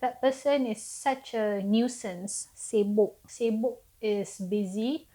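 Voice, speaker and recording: A woman's voice: medium pitch, slow, mellow, rough recording. A woman from Malaysia, teaching a casual online language lesson and explaining phrases in a chatty way, with self-mocking asides.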